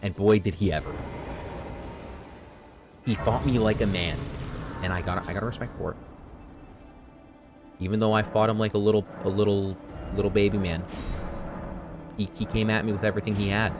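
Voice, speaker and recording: A very deep-voiced man talks over his own speedrun footage, quick to mock himself and swear when things go wrong. Game music plays clearly under his voice. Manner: excitable, self-mocking, swears freely. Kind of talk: casual gameplay commentary.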